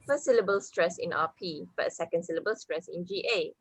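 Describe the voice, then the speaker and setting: A woman with a fairly low voice reads out word lists, a little hesitant. The sound is dry and close. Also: a little fast, breathy edge, dry recording, low-quality recording. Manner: list-reading, a bit hesitant. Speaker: student presenter. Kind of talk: reading a phonetics presentation.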